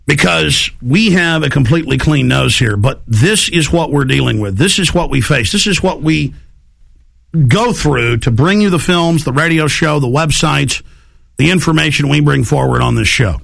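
Gravelly animated talk radio host. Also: male voice, a little high, moderate pace. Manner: rambling, acts out quoted voices.

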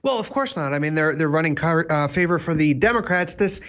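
A man speaking as a guest commentator on a political talk show, halting with lots of fillers and a wry edge. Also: fairly high pitch, animated, a bit bright, dull audio.

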